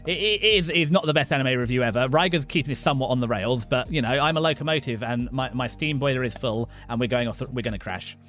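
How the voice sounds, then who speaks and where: A young British man hosting a livestream, rambling and joking excitably with many restarts. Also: mid-range voice, fast, few pauses, soft background music. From Britain. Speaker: VTuber streamer host. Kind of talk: casual livestream chat.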